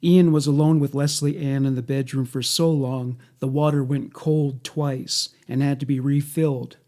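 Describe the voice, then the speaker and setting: A man reading a scripted documentary narration in a measured, matter-of-fact way. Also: mid-range voice, steady tone, warm tone.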